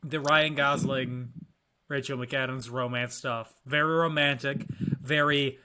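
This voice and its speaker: A man's voice: mid-range voice, steady tone, measured pace, pushed and bright, clean tone. A man co-hosting a podcast in casual chat, joking dryly and restarting his sentences as he thinks. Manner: dry joking, hesitant restarts. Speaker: podcast co-host.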